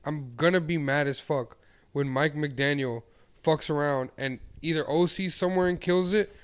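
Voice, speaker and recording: A man's voice: fairly high pitch, moderate pace, clear, resonant tone. A man co-hosting a podcast, talking football in a heated, casual way and swearing freely. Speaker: podcast co-host. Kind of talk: casual sports chat.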